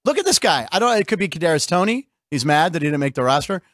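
High-voiced joking male sports show host. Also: fast, dry recording, clean studio sound. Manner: animated, jokey, puts on mock announcer voices. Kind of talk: joking radio-style banter. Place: studio.

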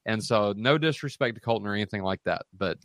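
A man hosting a podcast discussion, reading quotes aloud with lively emphasis. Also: fairly low pitch, quick pace, no echo, clean studio sound. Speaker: podcast host.

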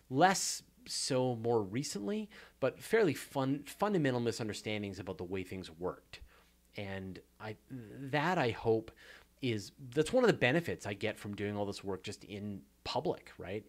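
Canadian guy answering viewer questions live, kinda low voice, rambly and self-deprecating. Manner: chatty, self-deprecating, many fillers and restarts. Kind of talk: casual live Q&A chat.

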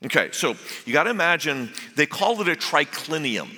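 Male guest preacher, bright and fairly high, humorous storyteller, long hall reverb. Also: very animated, moderate pace. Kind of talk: sermon. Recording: echoey hall.

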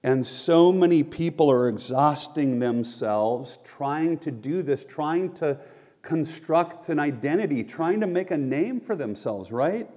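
A man preaching a sermon as pastor, earnest and measured, with quoted asides. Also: a little high, expressive, mellow. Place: church sanctuary. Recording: long reverb of a large hall.

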